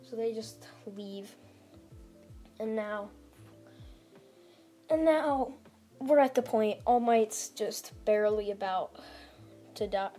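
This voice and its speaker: A woman's voice: on the high side, slow pace, long pauses, warm tone, soft background music. A woman casually retelling a fan-made story, rambling with lots of "like" and restarts.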